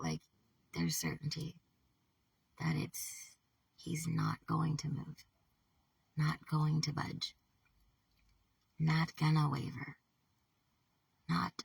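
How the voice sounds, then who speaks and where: A woman with a deeply gravelly, rough and breathy voice, talking to camera in a meandering personal vlog. She swears freely, breaks off mid-sentence and slips into whispers. She sits back from the mic in a dry, dead-sounding room. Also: no room sound, far from the mic. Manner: halting, profane, trails off, drops to whispers. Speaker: vlogger. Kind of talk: rambling personal monologue.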